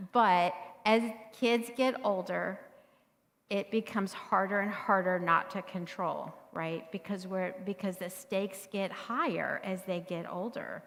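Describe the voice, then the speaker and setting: Woman teaching a workshop in an echoing hall. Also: medium pitch. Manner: conversational, asks the room "right?" often. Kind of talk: live workshop talk to an audience. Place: church meeting room. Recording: long hall reverb.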